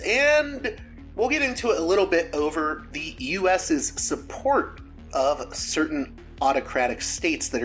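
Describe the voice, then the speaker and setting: A man's voice: a little high, a bit bright. A man hosting a podcast interview, introducing his guest in a conversational way with frequent fillers. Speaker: podcast host.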